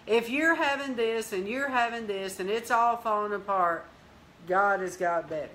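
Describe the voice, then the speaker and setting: Woman preacher telling a testimony, bright forceful voice, acts out all the dialogue, slips into prayer and praise. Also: medium pitch, normal speed, a little hiss or hum. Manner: lively storyteller, acts out dialogue, bursts into praise. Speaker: Christian teacher and host.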